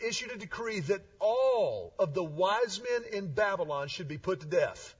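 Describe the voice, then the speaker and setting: Male pastor, animated sermon storyteller, high and lively. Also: normal speed, few pauses. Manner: animated, conversational, with restarts and asides. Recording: slightly distant, dull sound.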